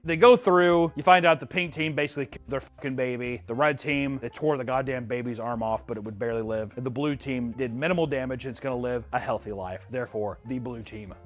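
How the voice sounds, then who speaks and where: A young man streaming a casual reaction recap, animated and profane, bickering with a co-host. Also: mid-range voice, quick pace, hardly any pauses. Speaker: streamer recapping a reality dating show.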